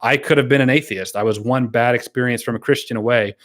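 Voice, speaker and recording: Talking fast with fairly even intonation, a man with a medium-pitched, fairly bright tone hosts a casual live stream. He reads and answers comments, rambling with fillers and laughter, and sounds earnest and thankful toward donors.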